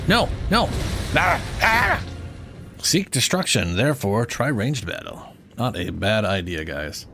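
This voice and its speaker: A man commenting on his game in a relaxed, wry way, with playful jabs at the enemies. His voice sits a little low, moves expressively in pitch, and he takes his time with the words. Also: slow pace, vocal fry, background noise. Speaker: gamer streaming co-op. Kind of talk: casual gaming commentary.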